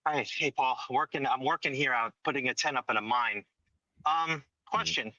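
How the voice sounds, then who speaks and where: A man's voice: mid-range voice, moderate pace, bright, forceful tone, no echo. A man calling in to a talk show from a tent in a mine, making his point emphatically and checking "okay?". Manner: emphatic, keeps asking "okay?". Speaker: caller. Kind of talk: phone-in opinion. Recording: dull lo-fi call audio.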